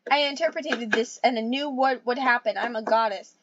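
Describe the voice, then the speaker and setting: A woman's voice: a little high, normal speed, a bit bright, dry recording. A woman voicing a scheming, villainous female cat goddess in a mock-grand, hammy way. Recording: dull, dry lo-fi recording.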